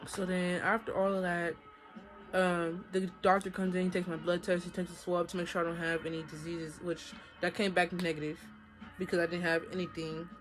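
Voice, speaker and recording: A woman's voice: on the low side, little pitch movement, brisk, soft background music. A young woman telling her own story to her viewers in a casual, chatty storytime vlog, often talking to them directly. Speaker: vlogger.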